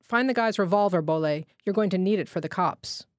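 A woman's voice: on the low side, fairly quick, dry recording, clean studio sound, lightly acted. A woman reading the part of a wounded male electrician who speaks hard and unforgiving. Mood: stern. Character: wounded male village electrician, stern and proud.

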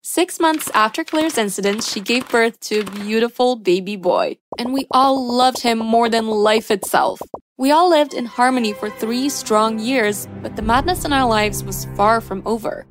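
A woman reading a scripted first-person story with steady storytelling delivery. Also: fairly high pitch, normal speed, few pauses, faint music behind. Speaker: story narrator.

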